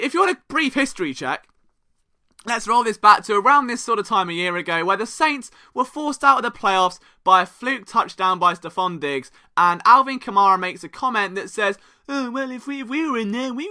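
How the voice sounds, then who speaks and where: A young man with a very bright, edgy voice sits high for a man and keeps a solo sports podcast rolling. He jokes, teases and pokes fun at himself as he talks. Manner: animated, joking, self-deprecating, does mocking voices.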